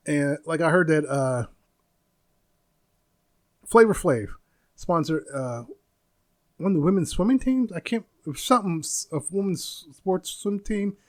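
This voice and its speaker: A man nearing fifty from the United States talks through a casual solo podcast episode. He rambles, stops to hunt for words and laughs at his own points. His voice sits a little high for a man. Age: 40s. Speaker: podcast host.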